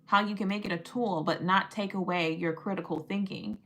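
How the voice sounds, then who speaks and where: A woman hosting a casual livestream, talking in an animated, sassy, teasing way. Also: lowish voice, a little fast. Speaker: livestream host.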